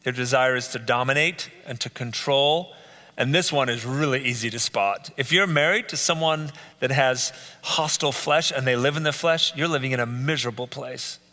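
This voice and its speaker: A man's voice: mid-range voice, moderate pace, bright, forceful tone, long reverb tail. A man leading a live Bible study, earnestly listing traits one by one and repeating key phrases. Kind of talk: live teaching talk. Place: church meeting room.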